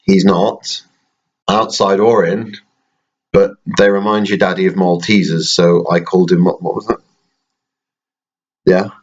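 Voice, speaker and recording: A man in his thirties, a father chatting at home in a rambling, gently joking bedtime talk to his baby, with dry asides. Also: low voice, flat delivery, a little slow, pauses often, highs cut off. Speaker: father recording a bedtime video. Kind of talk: casual bedtime chat to a baby.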